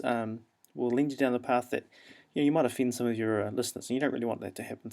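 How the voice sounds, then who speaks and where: Gravelly New Zealand man teaching. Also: medium pitch. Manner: relaxed, explanatory, frequent ums and uhs. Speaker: English teacher. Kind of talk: classroom instructional talk.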